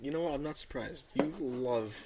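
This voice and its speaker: A young man chatting on a casual podcast in a relaxed, ordinary voice. He tells rambling anecdotes and laughs easily. His delivery is loose and unpolished. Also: mid-range voice, normal speed, very noisy. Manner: laid-back, laughs often, rambling anecdotes. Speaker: podcast co-host.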